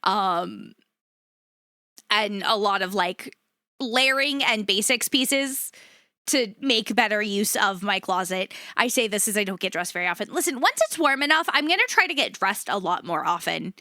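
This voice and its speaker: A woman's voice: mid-range voice, animated, normal speed, pushed and bright, no echo, studio quality. A woman streaming live, chatting casually with her viewers, laughing often and swearing freely.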